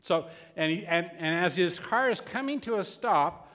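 A man's voice: high voice, expressive, normal speed, a bit bright, long reverb tail. A man preaching a sermon in a conversational way, often restarting and repeating words.

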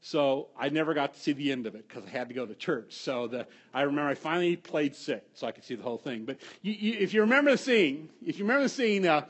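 A middle-aged man preaching a sermon with a somewhat high voice. He tells stories with animated swings, dropping to a hush and then rising to loud, emphatic peaks. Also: quick pace, hardly any pauses, husky. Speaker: pastor.

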